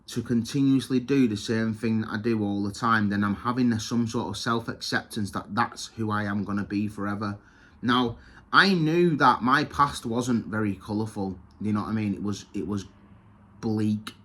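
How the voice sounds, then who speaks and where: A man's voice: fairly low pitch, a bit bright. A man giving an earnest, confessional talk on his own video, often repeating words as he searches for them. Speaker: self-help video host. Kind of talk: reflective personal talk to camera.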